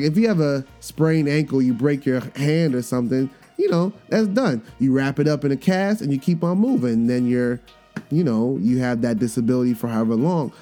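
Podcast host, man, 30s, mid-pitched and mellow, animated storyteller who acts out the quotes, soft guitar bed behind. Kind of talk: casual storytelling monologue. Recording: faint guitar music underneath.

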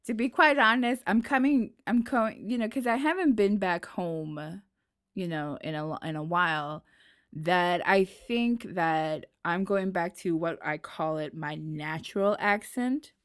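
A woman's voice: lowish voice, unhurried, smooth, no room sound, studio quality. A woman with an American accent, co-hosting a casual podcast chat and playfully imitating accents. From United States. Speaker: podcast co-host.

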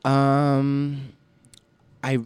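A man's voice: medium pitch, completely flat delivery, drawn-out words, a little mellow, clear, resonant tone, no echo. A young man, a stand-up comedian guest, chatting in a casual podcast interview, self-mocking and saying "like" constantly. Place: basement studio.

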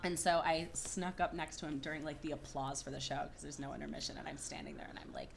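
A woman's voice: low voice, fast talker, gravelly, slight background noise. A woman in her thirties, a podcast guest, chatting casually and acting out quoted lines as she tells a story. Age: 30s. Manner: animated storyteller, acts out quoted dialogue. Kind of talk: casual chat.

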